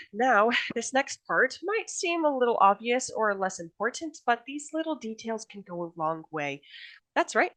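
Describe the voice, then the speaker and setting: A woman author leads a writing workshop in a chatty, friendly teaching tone, quick to laugh. Her voice sits at a middling pitch for a woman and stays conversational as she explains each point. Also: a bit bright, low-quality recording. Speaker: conference presenter and author. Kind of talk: recorded workshop presentation on writing.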